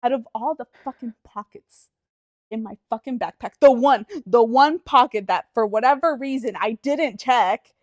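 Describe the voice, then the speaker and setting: This young woman, co-hosting a podcast, speaks at normal speed in a somewhat high voice over a dry recording. She's animated while telling a casual story, performing what each person said, cursing freely and leaning on "like."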